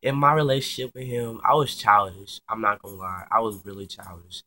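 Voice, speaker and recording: Young man with a bright, forceful voice. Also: on the low side, a little fast. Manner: chatty and slangy, swears freely, many fillers. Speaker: vlogger telling a personal story. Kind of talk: casual storytelling to camera.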